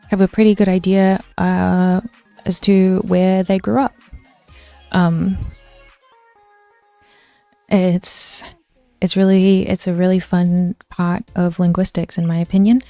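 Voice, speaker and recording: Young woman streamer rambling about language to chat, slow and mellow, lots of ums, dry close sound. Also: medium pitch, no room sound. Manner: rambling, many fillers and restarts, answers chat. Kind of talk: casual linguistics rant to chat.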